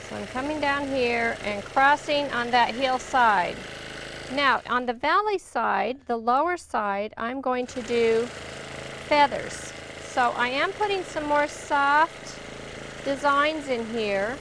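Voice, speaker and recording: A woman teaching longarm quilting, narrating each step chattily as she stitches in her studio. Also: high voice. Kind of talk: hands-on demonstration. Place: quilting studio beside a running longarm machine. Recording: steady machine noise behind the voice. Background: longarm sewing machine hum.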